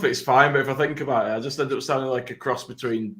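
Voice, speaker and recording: A man's voice: mid-range voice, fairly even intonation, quick pace, fairly bright tone. A man co-hosting a football podcast, telling stories with lots of swearing and laughter. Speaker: podcast co-host. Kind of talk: casual chat among mates.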